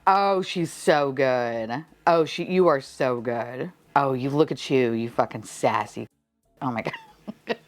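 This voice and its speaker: Over soft background music, a young adult woman with a very deep voice speaks slowly while unboxing toys. Casual and gushing, she gasps and squeals whenever something is revealed and swears now and then.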